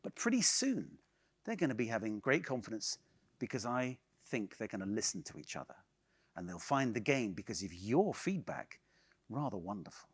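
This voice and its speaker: Speaking on the low side with a slightly rough edge, a man from England hosts an improv workshop for a live audience in a conference hall. He's very animated at a normal speed, playfully teasing and bantering with volunteers.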